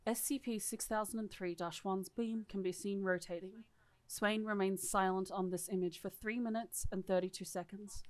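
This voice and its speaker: Podcast lady reading lore, casual and sweary, mid-pitched voice. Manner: casual and irreverent, swearing freely. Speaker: podcast co-host.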